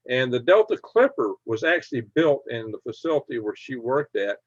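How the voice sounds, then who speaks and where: A man's voice: medium pitch, very animated, normal speed, no echo. A middle-aged man hosting a casual livestream, reading viewer comments aloud in a folksy, chuckling way. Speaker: livestream host. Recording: dull lo-fi dry sound.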